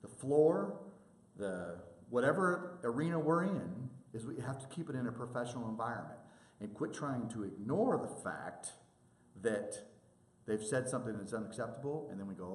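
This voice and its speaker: Speaking to a room of sports officials, this man uses a mid-range voice at normal speed, and the room echoes. His storytelling is animated, and he performs the voices of those he quotes.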